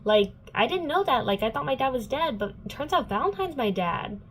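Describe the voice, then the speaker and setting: A woman's voice: high-pitched, big pitch swings, a little fast, a bit bright, a little hiss or hum, pitched above the performer's own voice. A woman voicing a smug, oblivious teenage boy in a mocking valley-girl parody. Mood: airy mocking.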